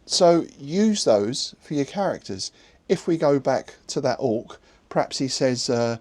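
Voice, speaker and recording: A man hosting a podcast, giving relaxed, conversational advice to game masters, chuckling often and restarting words as he goes. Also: medium pitch, a little slow.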